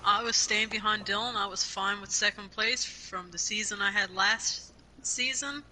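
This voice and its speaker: A driver interviewed after a sim race, relaxed and content with second place. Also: mid-range voice, moderate pace, slight background noise, poor audio.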